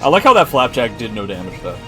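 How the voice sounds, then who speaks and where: A man hosting a live stream and commentating fighting game matches, excitable and joking as he reacts to the play. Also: medium pitch, fast talker, faint music behind. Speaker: esports commentator and stream host.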